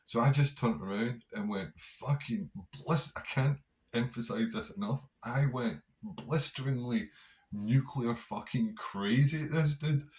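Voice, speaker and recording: A man's voice: mid-range voice, measured pace, a little mellow. A man hosting a podcast, telling a rambling story in a casual monologue, swearing constantly. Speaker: podcast host.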